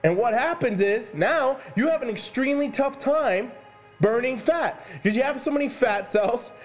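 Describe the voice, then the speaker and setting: Profane, high-voiced ranting fitness man. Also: animated, normal speed, soft background music. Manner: swearing, emphatic, addresses "ladies and gentlemen". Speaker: fitness coach. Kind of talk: profane fitness rant to camera.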